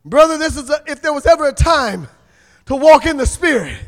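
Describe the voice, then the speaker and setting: A male pastor preaching and praying in a church, chanting, shouting, then dropping to a hushed prayer, speaking in tongues. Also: extremely high pitch, very animated, fairly quick. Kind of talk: Pentecostal sermon and prayer. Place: church sanctuary. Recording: long hall reverb.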